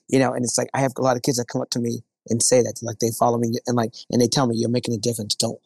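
A man's voice: medium pitch, rapid-fire, gravelly, hardly any pauses, no echo. Earnest middle-aged man, interview guest, dry and close. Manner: earnest, quotes others in animated voices. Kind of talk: casual conversation.

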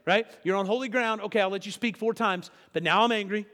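High-voiced male pastor in reverberant hall. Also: quick pace, fairly bright tone. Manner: conversational preaching with tag questions. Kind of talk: sermon.

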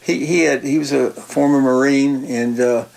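An older man, a retired football coach telling stories in a halting, folksy way, often repeating words. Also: medium pitch, steady tone, gravelly, a little mellow, poor audio. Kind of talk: casual interview chat.

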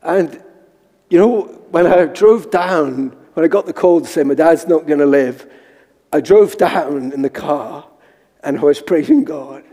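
A male pastor preaching a sermon, telling personal stories and acting out what people said, with his own part in a high squeaky voice. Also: unhurried, warm tone. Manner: storytelling, acting out quotes with high squeaky voice for himself. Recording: long hall reverb.

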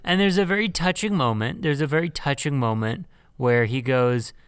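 A man's voice: medium pitch, animated, normal speed, smooth, dry recording, clean studio sound. A man co-hosting a podcast, recapping a film in emphatic, swearing casual chat. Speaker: podcast co-host.

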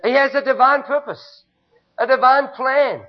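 A man's voice: very high-pitched, measured pace. A male pastor with a South African accent preaching a sermon in a church, emphatic and repetitive, calling on the congregation to respond. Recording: dull lo-fi recording.

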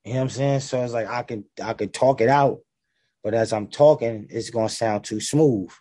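Laid-back gravelly-voiced rapper man. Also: medium pitch, normal speed, mellow, no room sound. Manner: laid-back, heavy slang, many fillers. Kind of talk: casual interview talk.

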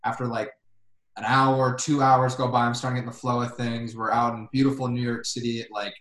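A man telling a story in relaxed, casual chat. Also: mid-range voice, fairly quick. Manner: relaxed, hesitant with fillers. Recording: echoey room.

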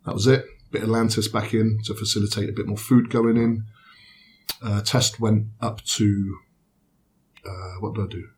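Laid-back low-voiced man recounting. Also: level tone, moderate pace, a little mellow, a little hiss or hum. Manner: laid-back, rambling recap with fillers. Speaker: bodybuilder guest. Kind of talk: casual podcast chat.

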